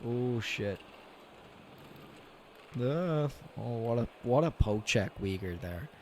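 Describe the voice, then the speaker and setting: A young man streaming a hockey video game, casually commenting, swearing a lot and yelling at big plays, tired and yawning. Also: medium pitch, slow pace, slight background noise. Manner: excitable, swears often, yells at big plays. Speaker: gaming streamer.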